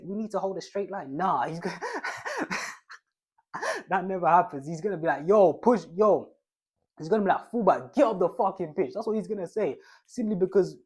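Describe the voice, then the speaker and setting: A man's voice: a little high, a little mellow, husky. A young man giving casual football advice, rambling in slang and restarting his phrases often.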